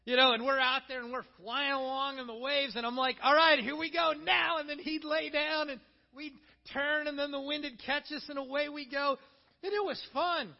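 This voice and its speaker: A middle-aged male pastor preaching a sermon, telling stories with animated energy and acting out the voices of the people he quotes. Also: extremely high pitch, normal speed. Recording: long hall reverb, dull lo-fi sound.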